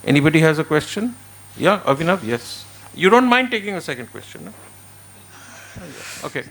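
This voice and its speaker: A man from India chairing a school debate, briskly and courteously calling on speakers. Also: a little high, sing-song, fairly bright tone, rough recording. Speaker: debate moderator.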